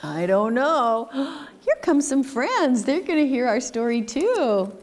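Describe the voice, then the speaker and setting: This woman has a high-pitched voice and reads slowly, sharing a picture book at a community library's children's story time. With a lively, sing-song delivery, she keeps asking the kids questions.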